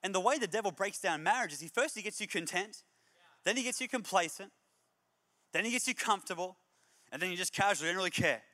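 A man preaching a humorous, energetic sermon as a pastor, moving between jokey stories and emphatic exhortation. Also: high voice, quick pace, in a large hall. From Australia. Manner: animated storyteller, jokey then emphatic and exhorting.

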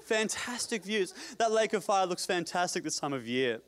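A man's voice: sits high, expressive, normal speed, fairly bright tone, voice pushed up. A man voicing a fawning male devil with a put-on English accent, greeting a wealthy newcomer like a hotel host. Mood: mock welcoming. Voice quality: fawning, mock-polite hotel host manner. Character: smarmy male devil greeting a rich arrival.

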